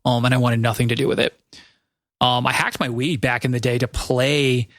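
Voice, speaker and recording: A man's voice: medium pitch, fairly even intonation, moderate pace, a bit bright, no echo, clean studio sound. A man hosting a casual gaming podcast, rambling and correcting himself as he tells a story. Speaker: podcast host. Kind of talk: casual chat.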